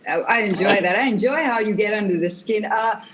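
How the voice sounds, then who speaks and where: A woman's voice: medium pitch, a little fast, slight background noise, rough recording. A woman hosting a podcast, chatty and a little hesitant as she puts questions to her guests. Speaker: podcast host. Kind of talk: casual podcast interview.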